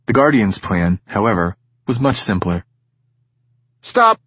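A man reads a story aloud in a steady, measured way. His voice is low and husky. The recording is dry and dull, like lo-fi audio. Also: dry recording. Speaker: audiobook narrator. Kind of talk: scripted narration.

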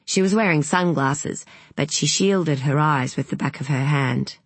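Audiobook narrator, breathy husky tone, mid pitch, dry studio sound. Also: a little slow, no room sound. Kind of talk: scripted novel narration.

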